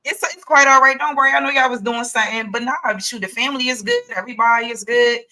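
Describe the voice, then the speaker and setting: A woman who makes online content, speaking in casual group discussion in a relaxed, sincere way. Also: fairly high pitch, quick pace. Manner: relaxed, sincere, laughs easily.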